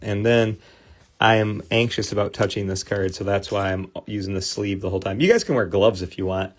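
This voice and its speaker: A man's voice: fairly low pitch, steady tone, a little fast. A man in his thirties with a Midwestern American accent, hosting a casual livestream and chatting loosely with viewers while he works, full of fillers and restarts. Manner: rambling, friendly, many fillers and restarts. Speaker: host of a card cleaning livestream.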